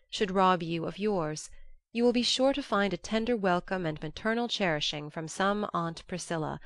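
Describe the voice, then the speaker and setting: A woman narrating an audiobook in a measured, gently earnest way. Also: on the low side, vocal fry, dry recording. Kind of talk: audiobook reading.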